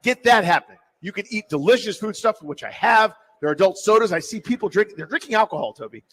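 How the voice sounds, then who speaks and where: A man hosting sports talk radio, animated and jokey in casual talk. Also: high voice, fast talker, low-quality recording.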